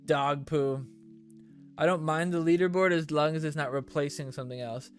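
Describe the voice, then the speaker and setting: A man's voice: on the high side, steady tone, moderate pace, clear, resonant tone, faint music behind. Male streamer host reading chat. Casual, swears often, jokes around. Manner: loose, profane, joking.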